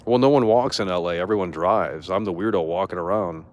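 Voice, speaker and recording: A young man talks to his stream chat in a rambling, indignant rant. His voice sits a bit low, and the words come loose and profane, full of restarts. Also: brisk.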